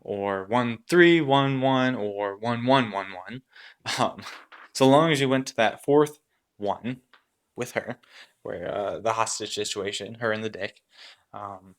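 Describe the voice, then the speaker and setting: A man's voice: on the low side, fairly bright tone. A man narrating a story game as game master, rambling, with many fillers and restarts.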